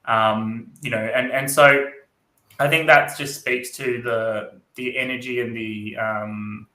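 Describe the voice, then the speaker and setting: A man speaking as an interview guest in a thoughtful, halting way, filling his pauses with fillers. His voice is bright and forceful, and the recording has a roomy echo. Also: mid-range voice, fairly even intonation. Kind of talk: casual interview answers.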